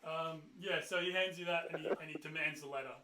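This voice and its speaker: A man narrating as game master of a tabletop game, rambling loosely with fillers and loud bursts when he voices characters. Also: on the high side, steady tone, fast, reverberant, slight background noise, rough recording.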